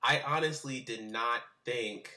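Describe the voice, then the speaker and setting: A man's voice: mid-range voice, unhurried, bright, forceful tone. A young man being interviewed on webcam, telling a story in a loose, slangy, rambling way with many fillers and restarts. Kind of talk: casual storytelling.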